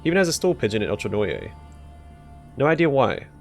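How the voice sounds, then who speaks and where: A man reading Viper, a scornful gruff pimp. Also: medium pitch, very animated, quick pace, soft background music. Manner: curt, dry and scornful. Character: gruff middle-aged male pimp, irritable and sarcastic.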